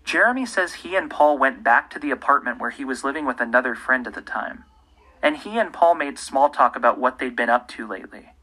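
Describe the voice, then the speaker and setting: A man, the host, giving scripted true-crime narration in a measured, pointed way. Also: medium pitch, animated, pushed and bright, rough recording. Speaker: podcast host.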